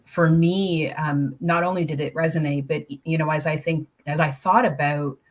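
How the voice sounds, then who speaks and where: Woman, panel guest: low-pitched, measured and reflective. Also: steady tone. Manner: thoughtful, measured, with rhetorical questions. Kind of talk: panel discussion.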